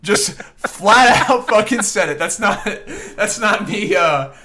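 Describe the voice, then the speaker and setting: A man's voice: high voice, expressive, slow pace, background noise. A young man hosting a podcast, telling a story in casual chat with frequent laughter and swearing. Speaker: podcast host.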